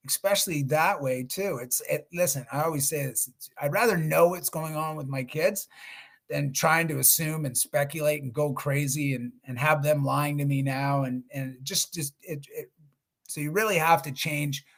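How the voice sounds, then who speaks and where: A man's voice: a little high, moderate pace, fairly bright tone. A middle-aged man speaking as a guest on a video-call webinar, telling stories in a conversational way with restarts and quoted voices. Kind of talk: webinar storytelling.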